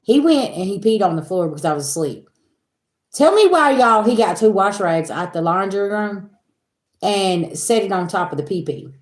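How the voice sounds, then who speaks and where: A woman chatting casually with her viewers as a spiritual reader, animated and venting, swearing freely and calling them y'all. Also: mid-range voice, moderate pace. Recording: roomy echo.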